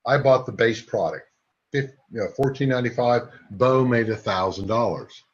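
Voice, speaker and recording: A man in his sixties giving a sales training talk, a lively storyteller who throws quick asides to his audience. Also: medium pitch. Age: 60s. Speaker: network marketing trainer. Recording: dull lo-fi recording.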